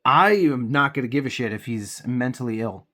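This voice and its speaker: A man's voice: medium pitch, expressive, normal speed, pushed and bright. A man with a cold, venting heatedly and profanely while he paints miniatures on his channel. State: congested with a cold.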